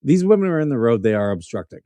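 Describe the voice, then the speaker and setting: A man's voice: medium pitch, big pitch swings, fast, over loud music. Blunt, profane man hosting a show. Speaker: host. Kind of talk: casual commentary on news clips.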